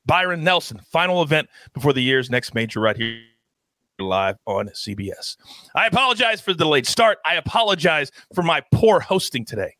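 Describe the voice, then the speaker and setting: A man hosting a sports betting show with energetic, playful hype and big swings in his delivery. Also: a little high, moderate pace, no room sound. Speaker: host.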